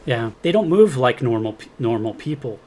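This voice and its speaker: A man's voice: medium pitch, sing-song, moderate pace, dark tone, slight background noise. A man in his fifties telling his story as a guest in a casual interview, acting out quoted dialogue and laughing often. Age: 50s. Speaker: guest, experiencer.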